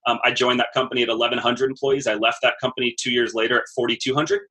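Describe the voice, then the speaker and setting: A man in his thirties tells his story as a podcast guest in an easygoing, conversational way. His voice is bright and forward, yet his pitch stays almost level. He often doubles up words while he thinks. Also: steady tone, quick pace, breathy edge. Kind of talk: casual interview talk.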